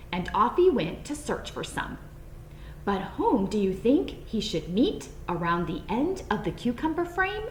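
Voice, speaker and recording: A woman reads a children's storybook aloud, playful and expressive. Her voice sits a little high and moves around a lot. The room gives a roomy echo, with a faint background hum. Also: measured pace.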